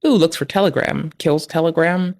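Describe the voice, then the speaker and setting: Gravelly, profane, sarcastic male streamer. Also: fairly high pitch, normal speed. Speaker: streamer analyzing malware. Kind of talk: live stream commentary.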